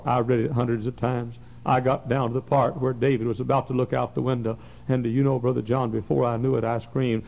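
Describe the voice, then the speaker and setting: Gravelly 40s pastor preaching in church, fervent, goes quiet then loud. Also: male voice, rough recording. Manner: fervent, swinging from soft to loud high bursts. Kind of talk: sermon. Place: church sanctuary.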